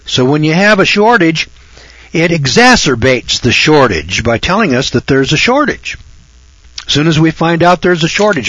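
A man's voice: on the high side, sing-song, moderate pace, fairly bright tone, no echo, dull audio. A man hosting a radio talk show, ranting in a folksy, sarcastic monologue that rambles and often restarts.

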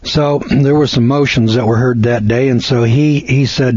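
A man's voice: medium pitch, fairly even intonation, normal speed, few pauses, darkish tone, no echo. A man giving a seminar lecture, telling a story in a folksy, colloquial, emphatic way, on a dull lo-fi recording. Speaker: seminar speaker.

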